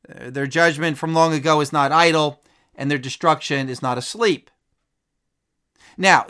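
A man, a pastor giving a measured radio Bible lesson and reading scripture aloud. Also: sits high, pushed and bright.

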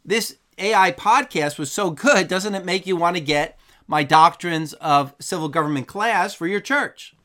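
A man's voice: high voice, measured pace, fairly bright tone. A man hosting his own channel, reflecting earnestly on a topic in a plain, unscripted way with some fillers and restarts. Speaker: YouTube channel host and Bible teacher. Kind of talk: casual commentary to camera.

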